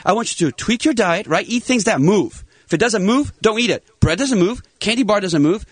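A man in his fifties, a plastic surgeon guest on a talk show, chatting in an excitable, salesy and jokey way. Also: high voice, a little fast, husky, dry recording. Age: 50s. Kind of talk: animated talk show chat.

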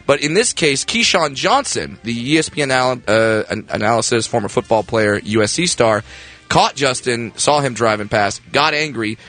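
Brief: young man, radio co-host, bright forceful tone, light music under, jokey banter. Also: mid-range voice. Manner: joking, quick, laughs often. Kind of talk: casual entertainment news chat.

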